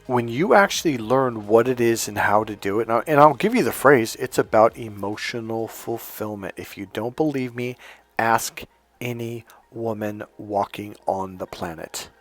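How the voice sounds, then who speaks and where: A man's voice: mid-range voice, moderate pace. A man coaching on dating, lecturing emphatically with stories and repeated points over faint background music. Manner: emphatic, repetitive lecturing with anecdotes. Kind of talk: teaching to camera.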